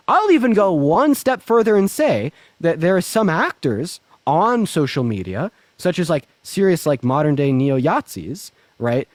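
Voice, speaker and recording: A man's voice: on the high side, no echo. A man hosting a livestream in a heated debate, combative and interrupting, often repeating his words. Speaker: livestream host.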